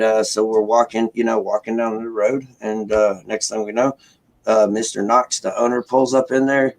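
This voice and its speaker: A man's voice: lowish voice, low-quality recording. A man talks through a long personal story at an easy pace. He rambles with lots of fillers and slips into the voices of the people he quotes. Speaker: caller sharing news. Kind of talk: casual storytelling chat.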